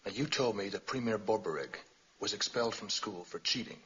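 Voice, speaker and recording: A man's voice: lowish voice, a little fast, fairly bright tone, close to an everyday voice. An actor playing a suave, confident male master thief who talks in a wry, teasing way. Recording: muffled 1960s TV soundtrack with clear hiss.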